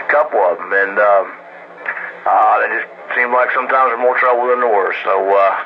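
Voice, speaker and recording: Laid-back man on CB radio, dull lo-fi sound, heavy static. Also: mid-range voice. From Ohio, US. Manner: laid-back, talks slang and radio lingo, many fillers. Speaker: CB radio operator. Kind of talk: casual radio chat. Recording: muffled radio transmission with static.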